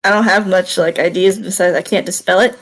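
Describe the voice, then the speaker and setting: A woman's voice: lowish voice, fairly even intonation, fairly quick, a little hiss or hum, poor audio. A young woman player in a tabletop game, chatting casually, giggly and thinking aloud. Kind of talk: casual chat.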